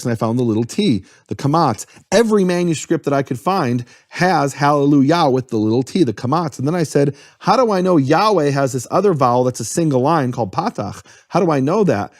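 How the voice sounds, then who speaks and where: A man's voice: fairly high pitch, a little mellow, no echo, studio quality. A man giving an earnest, step-by-step explanation in a conversation, spelling out terms as he goes. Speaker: guest explaining Hebrew.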